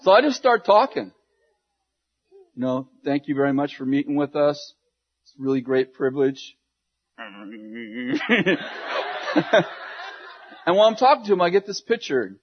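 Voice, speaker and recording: A man preaching to a congregation, telling a funny story in an animated way with laughs and quick asides. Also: on the high side. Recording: dull lo-fi sound.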